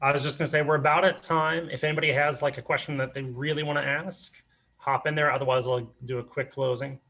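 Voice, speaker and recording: Fast, gravelly, bright-voiced man. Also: mid-range voice, fairly even intonation. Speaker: session facilitator. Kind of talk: wrapping up a training call.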